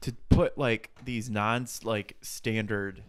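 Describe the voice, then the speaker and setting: A man's voice: lowish voice, fairly even intonation, slow, smooth. A man co-hosting a casual tech podcast, joking and sarcastic. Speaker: podcast co-host.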